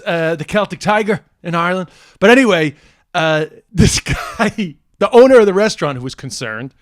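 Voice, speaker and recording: A middle-aged man who does comedy for a living talks straight to the camera, retelling a story as it really happened. His voice sits a little high and comes across dry and close, with no room around it. He restarts sentences constantly and keeps steering back with "but anyway". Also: no room sound. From United States. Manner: animated, builds to excited near-shouting at the punchline; self-correcting restarts, frequent "uh" and "but anyway".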